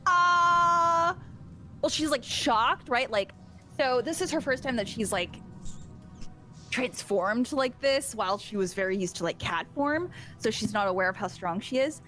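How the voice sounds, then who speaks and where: A woman's voice: a little high, animated, moderate pace, fairly bright tone, faint music behind. A woman playing a tabletop game, explaining her character's actions in chatty, filler-heavy talk. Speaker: player.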